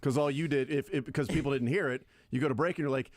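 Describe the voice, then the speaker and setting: Dry, deadpan sports radio man. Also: medium pitch, fast talker, no room sound. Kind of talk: casual studio banter. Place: radio studio. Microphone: close studio microphone.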